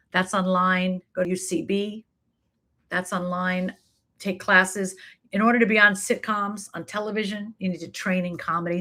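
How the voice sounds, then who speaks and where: Woman teaching acting live online, emphatic, encouraging, mid-pitched voice, rattles off lists. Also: sharp tone. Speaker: acting coach and talent manager. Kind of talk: live online class answering chat questions.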